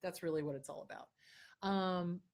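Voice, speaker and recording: A woman's voice: on the low side, moderate pace, a little mellow. A woman hosting an advice show, answering viewer questions in casual talk, blunt and emphatic, hammering her points home by repeating them.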